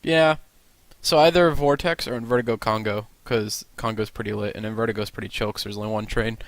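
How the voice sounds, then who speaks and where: A man's voice: lowish voice, brisk. Young man with a slight lisp. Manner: rambling, excitable. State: stiff swollen mouth after dental surgery. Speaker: vlogger and ride operator. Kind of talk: casual vlog chat.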